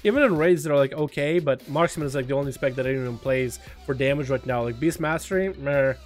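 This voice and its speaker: A man from Russia chatting casually on a game livestream, excitable and swearing, swinging from quiet mumbles to loud bursts. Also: medium pitch, brisk, soft background music. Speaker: game streamer. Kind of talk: casual gaming livestream chat.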